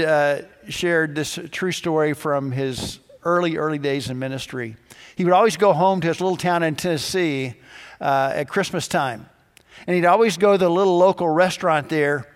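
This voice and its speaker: A pastor delivering a sermon, telling stories and acting out the dialogue in different voices. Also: male voice, a little high, big-room sound. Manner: storytelling, acts out dialogue in quoted voices.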